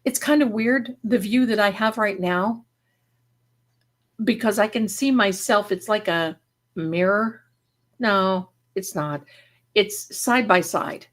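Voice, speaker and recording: A woman's voice: mid-range voice, slow. A woman hosting a live stream who reads viewers' chat aloud and showers them with endearments, in a rambling, effusive way that often breaks off mid-thought. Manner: rambling, self-interrupting. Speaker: livestream host and spiritual reader.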